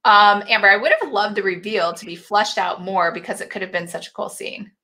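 A woman's voice: mid-range voice, steady tone, brisk, pushed and bright. A woman hosting a casual live book club chat, laughing often and reading viewer comments aloud.

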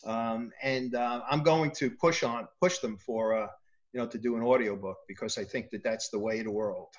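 A man's voice: mid-range voice, normal speed, highs cut off. A man talking as a guest author in a casual interview, hesitating often with ums.

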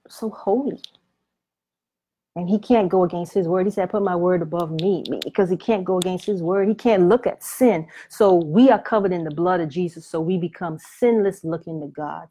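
A woman's voice: lowish voice, warm tone, breathy edge. A woman teaching on the Bible in a preaching video, speaking in a colloquial and emphatic way. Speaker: Christian author and Bible teacher.

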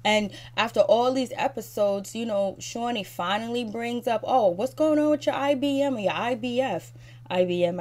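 A woman's voice: medium pitch, darkish tone. A woman giving a fired-up, critical recap of a reality show, speaking straight at the cast and leaning on fillers like "so anyways". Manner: repeats fillers like "so anyways" and "you know". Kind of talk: ranting recap commentary.

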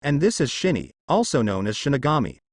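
A man voicing a shy young woman goddess who stutters, speaking gently and politely. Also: medium pitch, sing-song, brisk, no echo, studio quality.

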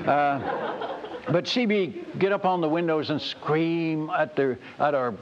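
An older man, a missionary, telling his mission-field story in a folksy, animated sermon, often calling the audience folks and friends. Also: on the high side, slow pace. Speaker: missionary speaker. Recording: dull, hissy old recording.

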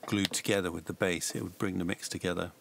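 A man, working as a mastering engineer, giving relaxed, hedged feedback on music mixes. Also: deep voice, fast, vocal fry, slight background noise. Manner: relaxed, hedging suggestions. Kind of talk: casual spoken feedback.

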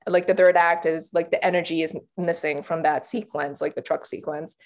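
A woman's voice: deep voice, steady tone, a little fast. A young woman in casual panel talk as an awards pundit, chatty, with lots of fillers and restarts.

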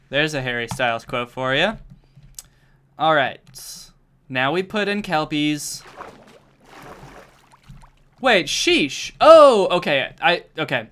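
Excitable young man streaming a game. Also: fairly high pitch, slow pace, long pauses. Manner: jokey, excitable, talks to himself and to chat. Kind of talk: casual live-stream gameplay chatter.

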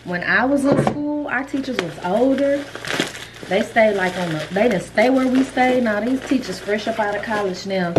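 A woman in her fifties, a chatty and excitable vlogger who talks straight to her viewers from home. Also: on the high side, normal speed, heavy background noise. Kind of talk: casual vlog chat.

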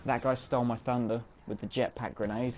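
A man's voice: mid-range voice, flat delivery, fairly quick, darkish tone, slight background noise. A man giving casual, self-mocking commentary while playing a video game, reacting on the fly. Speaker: gaming commentator.

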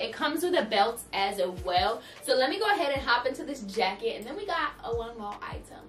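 Fairly high-pitched and lively, a young woman talks quickly with few pauses and a slightly bright tone as she gushes over a clothing haul to her viewers. Music plays underneath, and her voice is a little distant from the mic.

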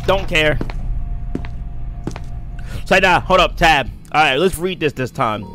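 A man's voice: a little high, expressive, takes it slowly, pushed and bright, soft background music. A young man livestreaming a game, chatting casually, greeting viewers by name and reacting jumpily. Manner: hyped, greets chat by name, jumpy reactions. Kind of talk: casual gaming commentary.

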